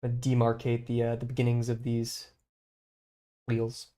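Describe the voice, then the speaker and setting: A man's voice: mid-range voice, monotone, measured pace, warm tone. A young man streaming live as he draws, chatting casually with lots of fillers and muttering to himself as he sketches. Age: young adult. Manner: rambling, many fillers, muttering while sketching. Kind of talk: casual chat while drawing.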